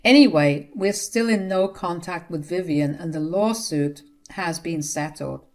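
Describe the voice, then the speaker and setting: A woman narrating a first-person family drama story in a steady, indignant way. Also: on the low side, unhurried.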